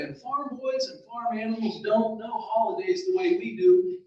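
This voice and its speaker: At a library event, a man with a high-sitting voice tells a folksy story aloud, adding chatty asides to his listeners. The recording is muffled, made with a distant mic in a very echoey room.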